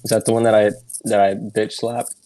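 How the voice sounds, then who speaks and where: A man playing in an online tabletop game, playful and quick to protest. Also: fairly low pitch, little pitch movement, warm tone, a little hiss or hum. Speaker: player. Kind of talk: casual tabletop play.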